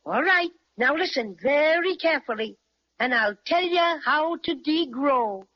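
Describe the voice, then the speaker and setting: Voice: high-pitched, lively intonation, measured pace, a little hiss or hum. An actor playing a small, cheerful male teddy bear with an Irish lilt, chatty and fond of mock-ferocious growls, in 1930s radio drama acting. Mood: cheery. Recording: muffled 1930s radio recording.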